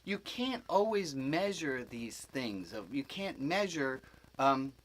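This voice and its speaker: A man's voice: mid-range voice, very animated, takes it slowly, a bit bright, rough recording. A man who is a rabbi, giving an informal spiritual teaching to a group as a rambling storyteller who corrects himself with asides.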